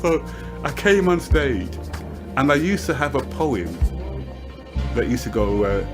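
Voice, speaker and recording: An older man touched by tells stories in an animated, playful way, laughing and doing voices. His pitch sits in the middle of the range, and music plays underneath. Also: measured pace, pauses often. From Birmingham, England. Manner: animated storyteller, slips into character voices and laughs. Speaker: interviewee, poet. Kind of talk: storytelling interview.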